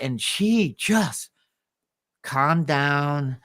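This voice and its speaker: Male co-host, slightly high voice, halting storyteller with restarts. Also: lively intonation, a bit bright. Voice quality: visually impaired speaker. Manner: halting, restarts and throat clearing. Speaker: podcast co-host and coach. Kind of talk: casual storytelling chat.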